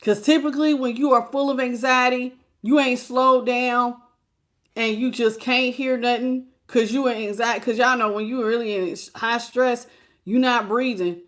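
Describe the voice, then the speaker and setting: Emphatic woman tarot reader, slightly high voice. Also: steady tone, normal speed. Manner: preachy, emphatic, colloquial, with many repetitions. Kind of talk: spiritual pep talk to viewers.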